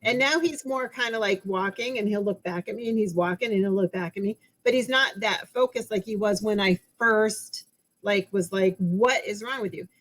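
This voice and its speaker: Female dog owner on a podcast; hesitant, filler-heavy everyday speech, middle pitch. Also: normal speed, rough recording. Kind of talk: casual chat.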